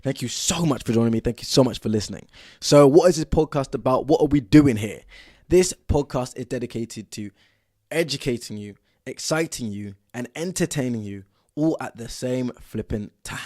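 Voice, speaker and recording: A young man from the south of England with a southern English accent, talking solo as a podcast host in an excitable, energetic way, with frequent fillers. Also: medium pitch, moderate pace, no room sound, clean studio sound.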